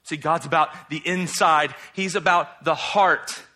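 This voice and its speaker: Bright-voiced man preaching conversationally. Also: on the high side, measured pace. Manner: conversational, animated, rhetorical questions. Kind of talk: expository sermon.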